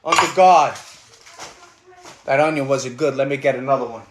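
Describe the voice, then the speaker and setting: A man's voice: medium pitch, fairly even intonation, quick pace, roomy sound, background noise. A middle-aged man with a New York accent, ranting bluntly and rambling with profanity while cooking in his kitchen. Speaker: livestream host. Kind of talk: casual rant while cooking. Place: home kitchen.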